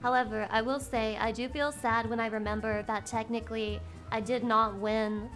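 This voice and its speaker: Woman streamer, high and bright, loud, swearing, excitable, strained cracking voice, faint music underneath. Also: normal speed. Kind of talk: casual chat with a live audience.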